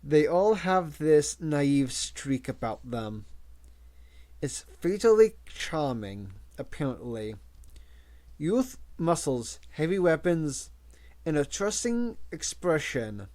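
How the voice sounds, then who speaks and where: A man's voice: on the high side, big pitch swings, slow, dark tone. A man reading the part of a wry older police officer who teases his friend.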